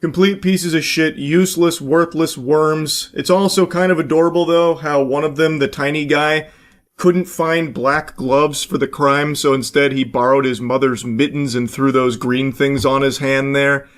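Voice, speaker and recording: A man's voice: on the high side, fairly even intonation, unhurried. A man giving casual, sardonic, profanity-laced commentary.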